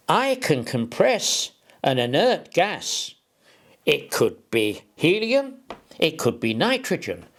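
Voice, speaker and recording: Guy slowly talking thru an engineering idea, voice swoops up and down a lot, rambles off on tangents. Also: on the high side. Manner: rambling, digressive, with homely analogies. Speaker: presenter explaining an engineering idea. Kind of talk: informal explainer talk.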